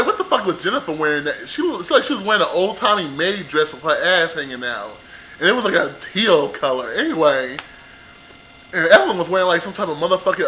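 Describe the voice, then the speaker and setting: A man with a high, bright voice rants about television, sassy and heavy with profanity. He talks straight into a computer mic in a loose, animated monologue. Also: slight background noise, rough recording. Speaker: vlogger reviewing a reality show. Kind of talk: casual ranting review.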